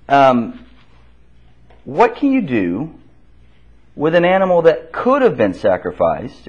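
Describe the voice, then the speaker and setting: Bible class teacher, male, animated pitch, slightly husky, dull lo-fi recording, quizzes the room and repeats answers. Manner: asks the class questions and repeats their answers; conversational, with restarts.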